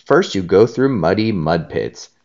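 A man's voice: sits low, animated, a little slow, a little mellow, dull audio. A man voicing a helpful talking map in a storybook, giving directions in a sing-song way.

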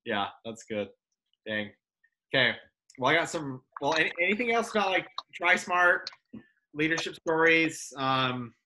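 A man's voice: fairly high pitch, pushed and bright. A man hosting a casual chat, loose and rambling, full of fillers. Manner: loose, filler-heavy, says "like" and "dude" a lot. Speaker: podcast host.

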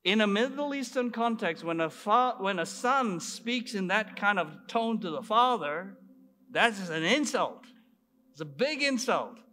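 A man's voice: sits high, lively intonation, a little slow, sharp tone, a little hiss or hum. A man preaching a sermon, retelling a story with emphatic rhetorical asides to his congregation.

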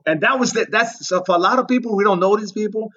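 A man's voice: sits high, quick pace, breathy edge, dull audio. A man, a podcast guest, telling comedic stories in a casual, profane way and acting out the people in them. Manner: animated, profane, acts out the people in his stories.

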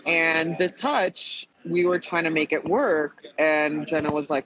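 A man with a high-leaning voice speaks a little slowly and with few pauses, casually retelling an aggravating reality show experience. Profane and emphatic, he brings the story alive by quoting others. Sound quality is dull and lo-fi.

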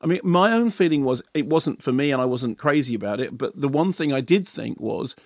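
A man's voice: mid-range voice, expressive, fairly quick, dry recording, clean studio sound. A man from the UK, a film critic co-hosting a radio show, talking in a rambling, opinionated way with many restarts. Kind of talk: casual radio chat.

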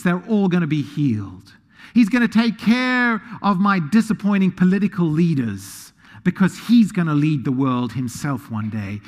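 Animated preacher man in a reverberant hall. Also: high-pitched. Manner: animated, self-deprecating, softens to quiet prayer. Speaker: pastor. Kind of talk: sermon. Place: church sanctuary.

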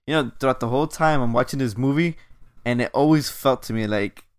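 A man's voice: mid-range voice, brisk, clean tone. A man co-hosting a casual movie review podcast, leading the segments in a laid-back way. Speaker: podcast co-host.

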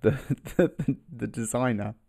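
A man's voice: medium pitch, normal speed, gravelly, warm tone. A man co-hosting a comedy podcast, improvising a silly story with a rambling, giggly delivery. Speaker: podcast co-host.

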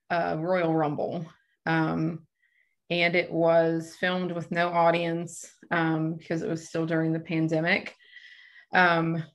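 A bubbly woman in her thirties, a professional wrestler chatting as a guest in an interview. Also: fairly low pitch. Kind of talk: casual interview chat.

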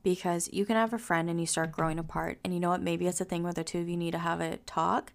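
A woman's voice: on the low side, fairly even intonation, fast talker, vocal fry. A woman hosting a solo podcast, talking directly and motivationally and acting out the complaints clients bring her. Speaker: podcast host and coach.

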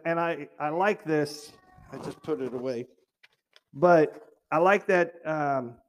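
A man with a fairly high voice delivers a sermon. He keeps it conversational, breaking off for jokey side notes and asking the congregation questions. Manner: jokey asides, restarts phrases. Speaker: preacher.

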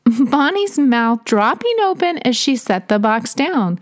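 A woman's voice: a little high, very animated, a little slow. A woman from Tennessee, telling personal stories in a chatty way and laughing between them. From Tennessee, USA. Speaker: storyteller. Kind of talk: personal storytelling narration.

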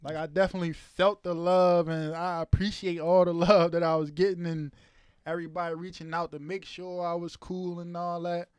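A man's voice: high voice, flat delivery, normal speed, clear, resonant tone, no echo, studio quality. A man co-hosting a casual podcast chat, laid-back and laughing often as he drawls his words out. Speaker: podcast co-host.

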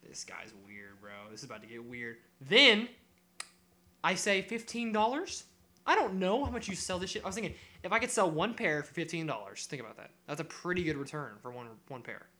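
A young man with a bright, forceful voice tells a story on a casual podcast. He is animated, swears freely and acts out every line of the exchange. His voice sits a little higher than most men's. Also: brisk. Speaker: podcast co-host.

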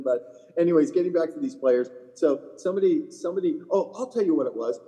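A man's voice: medium pitch, a little fast, warm tone, big-room sound, rough recording. A man who works as a tour caddie, co-hosting a golf podcast and telling long rambling anecdotes in casual chat. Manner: rambling anecdotes with laughs and profanity.

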